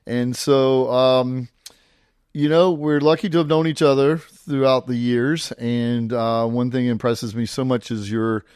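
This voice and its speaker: A man's voice: medium pitch, fairly even intonation, unhurried, darkish tone, smooth, no echo, clean studio sound. Friendly man hosting a podcast. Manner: friendly, laughs easily, encouraging. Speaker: podcast host. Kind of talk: podcast interview.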